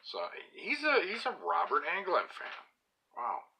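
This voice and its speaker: A man with a high-sitting voice whose pitch swoops wildly talks at a measured pace on a casual live stream, with a little hiss or hum audible. He reads comments aloud, mocks himself, and drifts into soft whispers at times.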